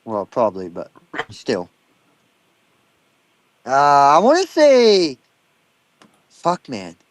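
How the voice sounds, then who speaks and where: A man's voice: mid-range voice, huge pitch swings, drawn-out words, no echo. A man in his thirties with a Down East Maine accent, telling stories bluntly and with lots of swearing in casual chat. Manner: blunt, profane storytelling.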